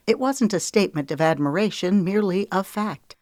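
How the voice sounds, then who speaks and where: A woman narrating a romance novel in an even, measured reading. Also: mid-range voice, no echo, clean studio sound. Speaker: audiobook narrator. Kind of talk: scripted storybook narration.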